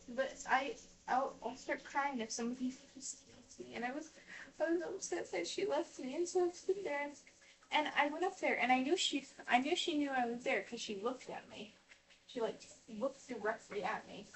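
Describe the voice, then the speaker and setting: A woman telling a long personal story in casual, rambling talk, restarting her sentences and filling them with "like" while she washes dishes at home. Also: sits high. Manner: rambling with many restarts and fillers. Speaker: vlogger. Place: home kitchen, indoors. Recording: voice distant from the mic.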